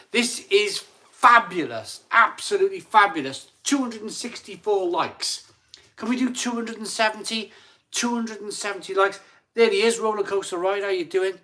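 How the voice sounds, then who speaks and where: A middle-aged Englishman hosts a casual live stream in a high-pitched, fairly bright voice. Chatty and eager, he often stumbles and restarts his sentences and keenly begs for likes.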